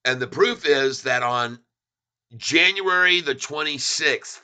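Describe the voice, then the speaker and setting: Bright-voiced excited stock chart commentator. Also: male voice, on the high side, slow, clear, resonant tone. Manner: excited, folksy, repeats himself for emphasis.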